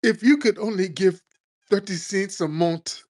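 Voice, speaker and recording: A man's voice: high voice, a little slow, a little mellow, pitched above the performer's own voice. A man voicing a pleading charity commercial narrator in a syrupy tone.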